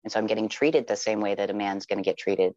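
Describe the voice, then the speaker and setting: A podcast guest with a low voice tells personal experiences earnestly and reflectively, with many casual fillers. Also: fairly even intonation, quick pace, darkish tone, no room sound, highs cut off. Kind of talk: candid personal storytelling.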